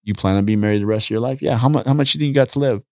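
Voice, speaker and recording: A man talking casually on a podcast, an animated storyteller who acts out conversations and repeats his points. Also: medium pitch, rapid-fire, no room sound, studio quality. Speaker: podcast guest, street preacher. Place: podcast studio.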